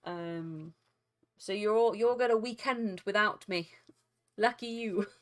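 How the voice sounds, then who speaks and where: A woman's voice: mid-range voice, slow pace. A woman streaming live, chatting casually with viewers in a rambling, giggly way with frequent restarts.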